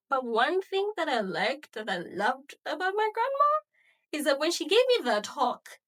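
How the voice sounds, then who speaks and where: High-voiced woman telling stories animatedly. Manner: animated, chatty, laughs often. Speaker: podcast host. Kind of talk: casual solo podcast storytelling.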